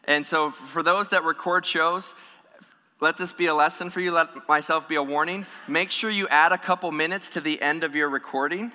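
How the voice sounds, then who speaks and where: A man preaching a sermon as pastor, animated and humorous, acting out the voices of people in the story. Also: fairly high pitch, moderate pace. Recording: long hall reverb.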